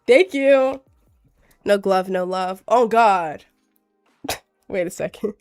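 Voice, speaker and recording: A woman's voice: mid-range voice, slow pace, pauses often, a little mellow, soft background music. A young woman streaming live with a cold, chatting in a rambling, giggly way and reading out chat. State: has a cold.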